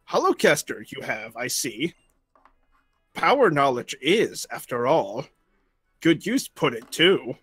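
A man's voice: mid-range voice, big pitch swings, slow pace, a bit bright, slightly rough, dry recording, faint music behind, heavily acted. A man voicing a grand male game villain, speaking game lines in an odd, backwards word order with some hesitation. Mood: mock-grand. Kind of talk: reading game dialogue aloud in a let's-play.

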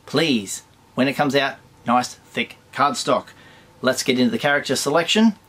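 An Australian man hosts a toy collecting show in a relaxed, chatty way. His voice sits at an ordinary middle pitch, and he drifts from eager excitement to dry little jokes. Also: moderate pace, slightly rough. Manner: chatty, enthusiastic, wry asides. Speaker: toy collector channel host. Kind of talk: casual chat reviewing toy news.

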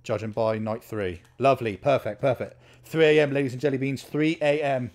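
This gameplay commentator is a young man playing a horror game, his mid-range voice moving fairly quickly. Between excited outbursts he chats away and quietly mutters repeated counts to himself.

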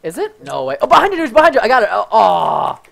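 A young man giving excited, fast-reacting commentary while playing a video game with a friend, often shouting and laughing. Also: extremely high pitch, creaky, crowd noise. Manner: energetic, shouts and laughs during play. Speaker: gaming video host.

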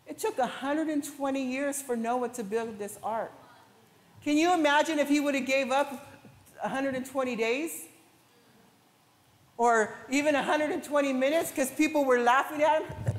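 A woman pastor preaching a sermon with passion, at times rising to shouts. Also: sits high, moderate pace. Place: large church hall. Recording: echoey church hall with long reverb.

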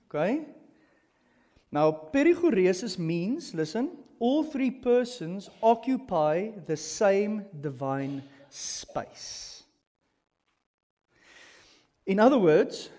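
A man preaching a sermon as pastor, teaching in an animated way and turning often to the congregation with asides. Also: high voice. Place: church hall. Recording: long reverb of a church hall.

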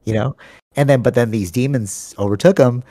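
A man's voice: mid-range voice, fairly quick, mellow, dry recording. Young man, podcast co-host, casual rambling chat, slangy, sleep-deprived, dry close studio mic. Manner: rambling, slangy, keeps saying bro. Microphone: studio microphone.

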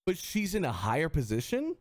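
A male streamer in casual chat, animated, swearing freely and often restarting his sentences. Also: on the high side, fairly quick.

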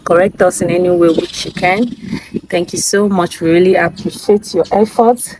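A woman's voice: lowish voice, steady tone, normal speed, background noise. A woman with a Nigerian accent, talking casually to her vlog camera, chatty and effusive, pleading with viewers for support. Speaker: family vlogger. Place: in and around a car on city errands.

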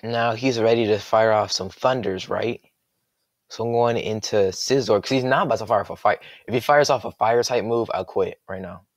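Gravelly young man excitedly commentating a game. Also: on the low side, moderate pace, no room sound. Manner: excitable, jokey, thinks aloud. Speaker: gaming commentator.

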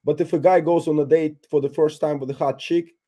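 A man's voice: fairly high pitch, fairly even intonation, a little fast, dark tone. A man guesting on a podcast, a YouTuber speaking bluntly and with strong opinions in casual chat.

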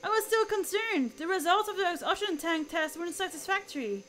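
A woman's voice: extremely high pitch, expressive, fairly quick, fairly bright tone, slight background noise. A woman voicing a timid young female rocket mechanic who keeps apologizing. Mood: apologetic. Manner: meek, apologetic.

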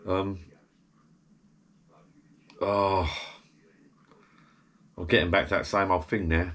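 A man's voice: low-pitched, steady tone, slow pace, pauses often, fairly bright tone. A middle-aged man, slightly tipsy, rambling chattily to camera from his small garden shed bar. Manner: rambling, chatty, self-interrupting. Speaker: vlogger. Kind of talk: casual rambling chat to camera.

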